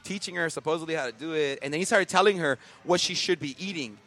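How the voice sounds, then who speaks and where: A man's voice: fairly high pitch, quick pace, fairly bright tone, soft background music. A man co-hosting a casual podcast, ranting profanely with lots of fillers and restarts. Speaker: podcast co-host. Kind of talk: casual comedic rant.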